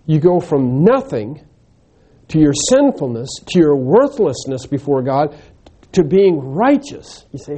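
A man preaching an expository sermon, teaching slowly and emphatically and answering his own rhetorical questions. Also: fairly high pitch, big pitch swings, dark tone.

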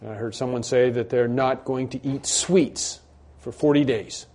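A pastor preaching an expository sermon in a conversational way, with many fillers and restarts, rising to emphatic bursts on key points. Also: male voice, mid-range voice, fairly even intonation, unhurried, darkish tone.

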